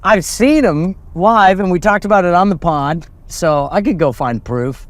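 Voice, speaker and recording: Animated laughing comedy podcast man. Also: sits high, measured pace, no room sound. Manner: animated, laughs often, teasing. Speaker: podcast co-host. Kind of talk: casual comedy chat.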